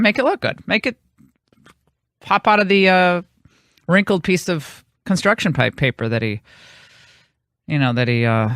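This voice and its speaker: A woman's voice: sits low, a bit bright, no echo, studio quality. A woman hosting a radio talk show, telling a long rambling anecdote in casual on-air chat. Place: radio studio.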